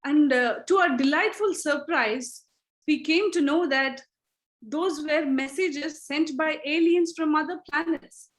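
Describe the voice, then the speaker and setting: A woman chairing an online contest meeting over a video call, opening it with a lively story. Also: sits high, a little slow, low-quality recording.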